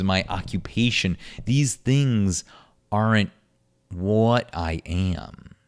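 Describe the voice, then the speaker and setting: A young man hosting a podcast, talking alone in an earnest, philosophical way with frequent restarts. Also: sits low. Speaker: podcast host. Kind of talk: reflective solo podcast monologue.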